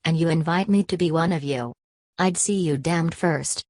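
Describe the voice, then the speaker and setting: A proud, aloof young man speaks with a cool, cutting edge, read by a woman. The voice sits very low and deep. The recording is close and dry, with no room sound. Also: normal speed, a little mellow, dry recording.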